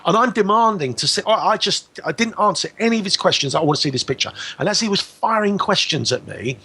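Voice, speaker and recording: Animated, bright-voiced man. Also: high voice, quick pace, husky. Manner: animated storytelling, acting out both sides of the exchange. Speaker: radio guest. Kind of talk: telling a personal story on a radio talk show.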